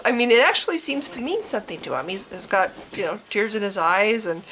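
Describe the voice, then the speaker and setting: A woman's voice: medium pitch, big pitch swings, brisk, hardly any pauses, fairly bright tone, slight background noise. A woman ranting casually to her camera, wry and sarcastic, acting out little scenes as she talks. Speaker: vlogger.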